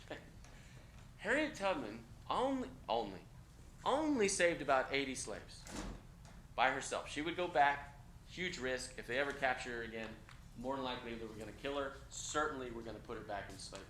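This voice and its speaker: Energetic male lecturer in an echoey classroom. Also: medium pitch, a little fast. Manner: energetic, conversational, frequent "okay?" check-ins. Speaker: college instructor. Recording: echoey classroom with faint noise.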